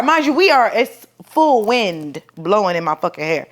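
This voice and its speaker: A young woman, telling a personal story to the camera in a profane, animated way and acting out the people in it. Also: on the high side, brisk. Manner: profane, animated, dramatic re-enactments. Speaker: vlogger. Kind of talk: storytelling vlog.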